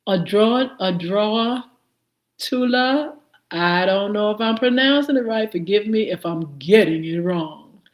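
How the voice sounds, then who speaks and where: Female live-stream host, unhurried, chatty greetings, roomy echo. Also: mid-range voice, lively intonation. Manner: warm greetings to viewers, many fillers. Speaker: morning show host. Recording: echoey room.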